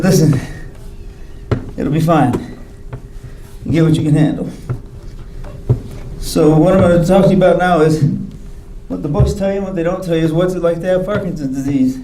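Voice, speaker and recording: A man's voice: on the high side, normal speed, long pauses, background noise. Wry man telling his story in an echoey hall. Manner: candid, wry storytelling with quoted dialogue. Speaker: physician speaker. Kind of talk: grand rounds talk. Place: hospital lecture hall.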